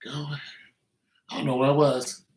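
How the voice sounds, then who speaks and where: A man's voice: mid-range voice, little pitch movement, a little slow, darkish tone. A man in a blunt, preachy and joking casual rant, recorded in an echoey room with faint music behind. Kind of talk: casual rant with improvised singing.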